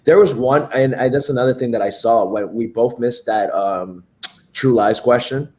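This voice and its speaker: A man guest in a casual chat, telling stories and acting out quoted lines, recorded in a quiet room at home. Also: mid-range voice, normal speed. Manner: storytelling, acts out quoted dialogue. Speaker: podcast guest.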